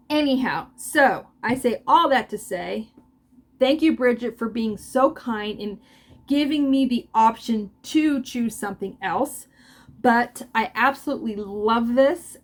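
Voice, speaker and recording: An older woman with a fairly high voice talks in a loose, chatty way, stopping and restarting her sentences. She comes across as openly emotional and often laughs between thoughts. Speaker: crochet vlogger. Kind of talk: casual chat.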